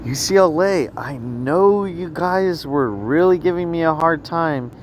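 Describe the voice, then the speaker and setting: A man's voice: fairly high pitch, lively intonation. Rambling man by faint street traffic. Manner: halting, repetitive, trails off. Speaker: vlogger. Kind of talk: rambling personal storytelling.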